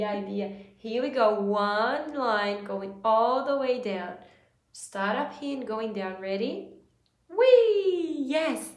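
Slow singsong preschool teacher woman. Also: on the high side, echoey room. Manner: slow, singsong, playful sound effects. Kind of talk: virtual preschool lesson.

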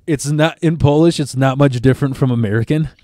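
A man's voice: medium pitch, brisk, dark tone, no room sound, clean studio sound. A man, a stand-up comedian, telling long profane stories in a casual podcast chat and tripping over repeated words as he starts sentences. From Chicago area.

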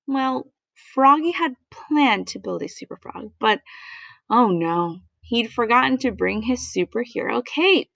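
Lively woman reading a picture book. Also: a little high, measured pace, creaky, no echo, dull audio. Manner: animated, playful, with sound effects. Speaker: storybook reader. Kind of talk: children's picture-book read-aloud.

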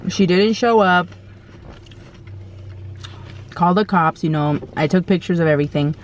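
A woman's voice: lowish voice, measured pace, slight background noise. A woman vlogger telling a story in a casual, blunt way, with slang and mild swearing, while she eats. She acts out quoted lines in a raised, exclaiming voice.

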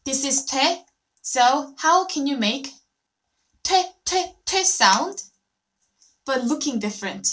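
A Korean woman teaching a live online language lesson, drilling syllables slowly and cheering on her students. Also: high voice, expressive, a bit bright, a little hiss or hum. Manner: slow, drawn-out syllable drills, cheerful praise.

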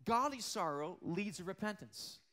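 A man with a high voice preaches a sermon to his congregation. He speaks earnestly and often asks the room questions. To stress a point he drops his voice low and quiet. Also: animated, moderate pace. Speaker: pastor.

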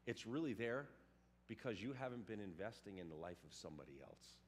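A man preaching a sermon in a lively, animated way, acting out little scenes and voices. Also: lowish voice, brisk, slight background noise. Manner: animated, acts out quotes and sounds. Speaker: pastor.

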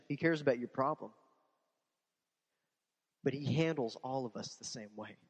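A man with a fairly high voice delivers a sermon from the pulpit. He preaches in an animated way, piling up repeated phrases and rhetorical questions. The sound carries the long reverb of a church sanctuary. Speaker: pastor.

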